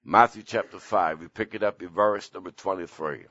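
An older man, a pastor, preaching an impassioned sermon whose pitch climbs suddenly at its peaks. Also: normal speed, a bit bright, breathy edge, no echo, lo-fi sound.

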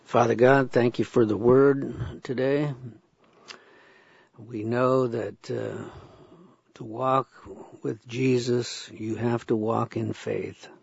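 Man, praying aloud, very slow, deep gravelly fry, halting with fillers. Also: fairly even intonation, a little mellow, no echo, dull audio. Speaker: prayer leader. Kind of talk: spoken prayer.

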